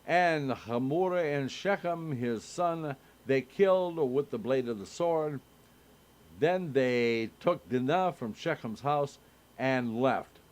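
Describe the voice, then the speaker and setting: A man teaching a Torah study, slowly reading verses and commentary aloud with frequent pauses and fillers. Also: mid-range voice. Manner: slow, halting reading with many filler sounds. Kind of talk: reading and explaining scripture. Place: synagogue.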